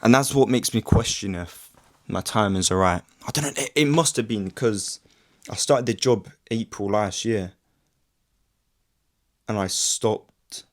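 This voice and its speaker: A young man vlogging to camera tells a rambling, casual story full of swearing and constant "like"s. He speaks a little slowly in a lowish voice, with long pauses, captured on the camera mic.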